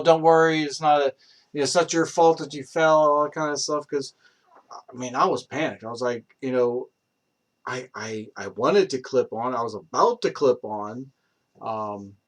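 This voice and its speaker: Young man spinning a loose anecdote in a mid-range voice, halting and profane. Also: mid-range voice, a bit bright. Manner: rambling, many fillers and restarts, swearing. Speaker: improv storyteller. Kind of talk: casual rambling anecdote.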